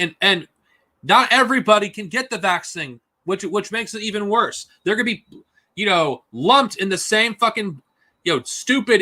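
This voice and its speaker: A man's voice: high-pitched, pushed and bright. A man ranting angrily and profanely on a live stream. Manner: angry profane ranting, mocking put-on whines.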